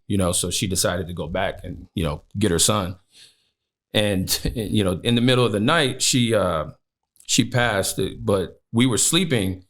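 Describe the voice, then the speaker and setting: Reflective man with a low voice. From Chicago. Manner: reflective, many "you know" fillers. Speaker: podcast guest. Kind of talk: personal storytelling.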